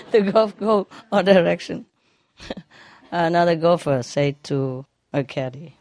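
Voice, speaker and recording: A woman's voice: fairly low pitch, lively intonation, slow pace, darkish tone, no room sound. A woman telling a string of jokes to an audience, often laughing at her own punchlines and dropping verb endings. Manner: non-native grammar, drops verb endings. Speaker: joke teller.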